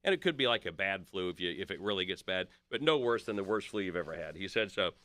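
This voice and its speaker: A man in his fifties talks casually as a podcast guest, his low voice bright and forceful. He tells stories at length and quotes other people in his own voice. The sound is dry and close. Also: lively intonation, fast talker, no room sound. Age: 50s. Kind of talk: casual chat.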